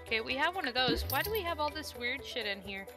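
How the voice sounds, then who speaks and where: A woman's voice: high-pitched, lively intonation, fast talker, music in the background. A woman streaming a life-sim game, chatting casually and coaxing the characters on screen. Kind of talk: casual gameplay commentary.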